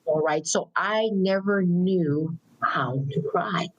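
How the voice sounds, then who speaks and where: A woman co-hosting a podcast, her voice sitting low. She tells stories from her own life in an easy, reflective way and repeats words to drive a point home. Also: takes it slowly, dull audio. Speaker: podcast co-host. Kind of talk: casual podcast conversation.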